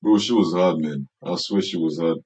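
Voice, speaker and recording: A man's voice: sits low, normal speed, darkish tone, breathy edge, low-quality recording. A young man from Nigeria with a Nigerian accent, chatting casually on a podcast and leaning on "bro" and "I swear.". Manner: slangy, repeats "bro" and "I swear". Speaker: podcast co-host. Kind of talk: casual chat. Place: Canada, recorded on a call.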